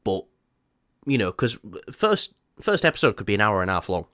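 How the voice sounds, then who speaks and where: Low-pitched guy joking around on a film podcast, very dry sound. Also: sing-song, a little fast, a bit bright, no room sound. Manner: teasing, swears freely. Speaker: podcast co-host. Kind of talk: casual film chat.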